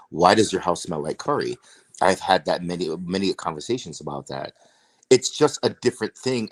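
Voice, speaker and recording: A man hosting a casual discussion, reflective and posing rhetorical questions. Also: low-pitched. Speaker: discussion host.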